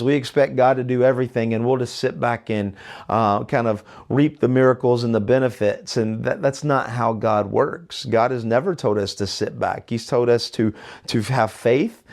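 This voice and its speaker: A man's voice: medium pitch, a little mellow. A man giving casual verse-by-verse Bible teaching in a conversational way, with many fillers and restarts and frequent check-in questions to the listener.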